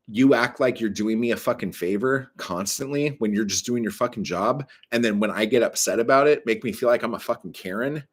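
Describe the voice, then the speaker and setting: A man on a casual live stream, rambling with many fillers and self-corrections, swearing a lot as he vents his frustration. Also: fairly low pitch.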